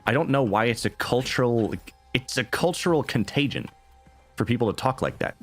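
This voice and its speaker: A man streaming a video game who rambles casually in an animated way, full of asides. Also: mid-range voice, moderate pace, faint music behind. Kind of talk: casual gameplay commentary.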